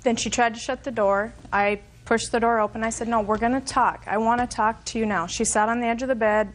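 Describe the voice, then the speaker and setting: A woman's voice: a little high, steady tone, a little fast. A woman testifying as plaintiff in a courtroom, answering defensively and insistently.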